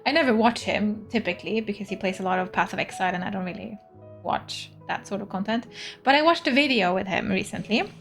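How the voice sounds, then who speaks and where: A woman's voice: medium pitch, quick pace, vocal fry, soft background music. A young woman from Sweden, a streamer chatting casually and giggling as she plays a game. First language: Swedish. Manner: chatty and giggly, reads game text aloud. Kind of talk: casual gameplay chat.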